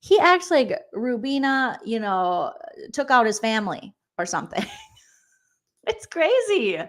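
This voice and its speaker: Slightly high and sing-song, a little slow, this young woman recaps a reality show as a comedic roast. She talks directly to viewers in a chatty, sarcastic, gossipy way, imitating the cast in exaggerated voices.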